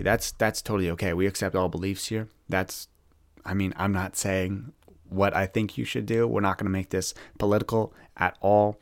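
A young man from Canada talks alone into the mic for his podcast, rambling in a candid, searching way and often restarting his words. His voice sits low, and the sound is dry and close with no room around it. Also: no room sound. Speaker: podcast host.

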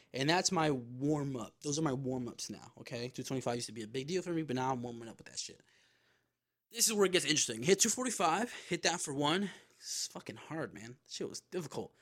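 A young man tells a story on his podcast in a casual, animated way and swears freely. His voice sits at an ordinary middle pitch and jumps up when he gets worked up. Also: fairly quick. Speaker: podcast host.

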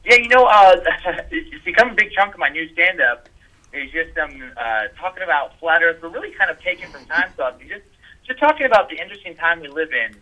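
A man on a podcast speaks with a forceful, tense edge, his voice sitting a little high for a man. He talks in an excited, emphatic rush, swears freely and doubles back on his words as he goes. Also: rough recording. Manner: animated, emphatic, swears freely, many restarts. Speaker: guest comedian and podcaster. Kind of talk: casual podcast conversation.

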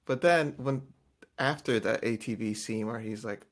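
A man's voice: medium pitch, moderate pace. A man chatting casually about a reality show, rambling, restarting and acting out quotes with bursts of volume. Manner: animated, acts out quotes loudly, rambling with restarts.

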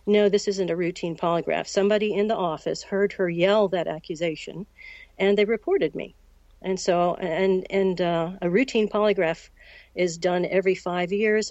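Woman, 60s, from the United States, measured storyteller, quoted dialogue, dull lo-fi recording. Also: lowish voice, a little mellow, no echo. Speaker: interview guest. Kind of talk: recounting a personal story.

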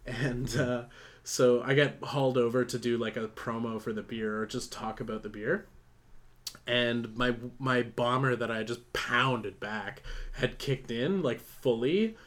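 A man's voice: mid-range voice, a little slow, a bit bright. A young man co-hosting a podcast, telling a story in a rambling, self-mocking way, full of fillers and swearing. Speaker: podcast co-host. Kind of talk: casual storytelling chat.

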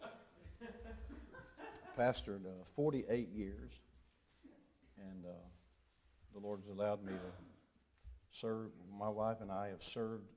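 Older preacher with a Southern drawl. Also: male voice, on the low side, animated, slow, pauses often, darkish tone, a little hiss or hum. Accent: Southern US, Deep South Alabama. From southern United States. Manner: joking, storytelling, drawling. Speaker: visiting preacher. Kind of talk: folksy sermon introduction. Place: church sanctuary.

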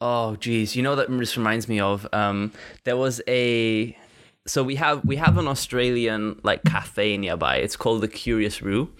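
A man's voice: fairly low pitch, unhurried, fairly bright tone. A young man hosting a podcast, chatting in an enthusiastic, hesitant way with frequent laughs. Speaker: podcast host. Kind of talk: casual interview chat.

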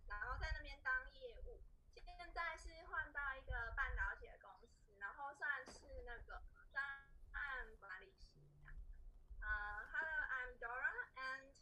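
A woman's voice: high-pitched, bright, forceful tone, slight background noise, poor audio. A woman from Kaohsiung hesitantly introducing herself on a video call in a language exchange group. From Taiwan, Kaohsiung. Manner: hesitant, many fillers.

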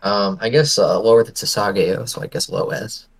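A man's voice: on the low side, steady tone, normal speed, gravelly. A young man co-hosting a podcast, chatting casually with an enthusiastic, teasing manner. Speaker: podcast co-host. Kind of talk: casual chat.

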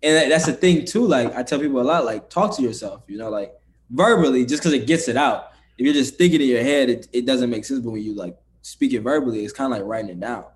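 A man talking as a podcast guest in a laid-back, conversational way, often dropping soft and low as he explains. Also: fast. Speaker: guest, entrepreneur. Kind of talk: casual interview chat.

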